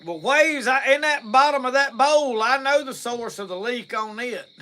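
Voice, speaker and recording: His pitch is extremely high and his tone sharp, delivered at normal speed. The man, a Mississippi-accented Southern livestream host, rambles folksily through viewer comments and laughs easily.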